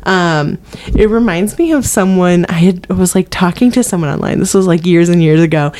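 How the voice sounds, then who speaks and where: A woman's voice: fairly low pitch, a little fast, a little mellow. A young woman who reviews movies, chatting casually with many fillers and small laughs. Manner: hesitant, many fillers, self-aware laughs. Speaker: movie critic co-host. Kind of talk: casual chat.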